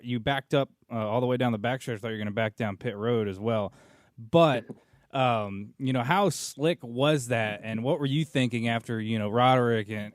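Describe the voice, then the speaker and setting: A man's voice: medium pitch, no room sound, studio quality. Man co-hosting a radio show. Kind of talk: casual radio interview.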